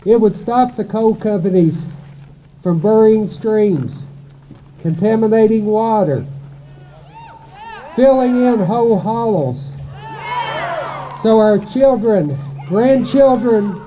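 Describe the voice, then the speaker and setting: A man's voice: high-pitched, animated, lo-fi sound, a little hiss or hum. A man giving a prepared speech at a rally, nervous and earnest. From Kentucky. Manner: nervous, reads slowly and earnestly. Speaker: local resident speaking at a rally.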